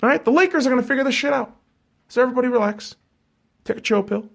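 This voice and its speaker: A man's voice: fast, gravelly. A man hosting a sports podcast, ranting about football and basketball with constant swearing, heated and emphatic. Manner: heated, swearing constantly, drops low and flat reading scores. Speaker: podcast host. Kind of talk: profane sports rant.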